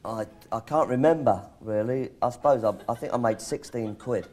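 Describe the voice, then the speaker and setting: A man, an actor guest on a chat show, answering in a low-key, hesitant way and trailing off. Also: moderate pace, darkish tone.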